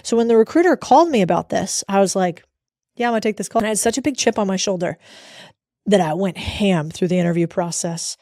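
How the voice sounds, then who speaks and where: An American woman in her thirties telling her career story in a candid, animated way, acting out the other voices in the conversations she recalls. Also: medium pitch, a little fast, no echo, clean studio sound. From United States. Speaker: speaker sharing career story. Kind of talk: motivational storytelling.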